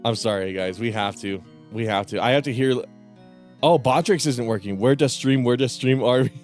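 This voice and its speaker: A man's voice: medium pitch, normal speed, soft background music. A man streaming a game live, chatting casually with profane, laughing asides. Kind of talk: casual live gaming commentary.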